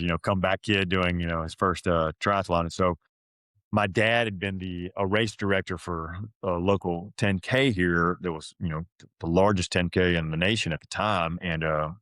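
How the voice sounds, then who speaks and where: A middle-aged man from Florida with a deep, low-pitched voice tells a personal story as a podcast guest. He speaks haltingly, restarts often and gets choked up. The recording is dry, with no room sound. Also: a bit bright, clean tone, no room sound. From Florida, USA. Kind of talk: emotional storytelling.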